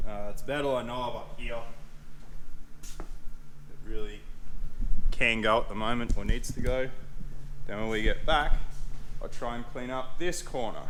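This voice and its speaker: A man's voice: medium pitch, sharp tone, a little hiss or hum. A man, chatting casually and jokingly while working on a car build in his garage. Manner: laid-back, jokey, chatty. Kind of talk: casual workshop vlog.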